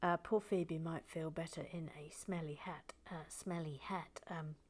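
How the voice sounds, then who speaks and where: A woman hosting a building video, chatting casually and self-deprecatingly, slipping between whispers and soft talk. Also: deep voice, fairly even intonation, a little slow. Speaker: host of a building channel. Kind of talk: casual chat while building, partly whispered.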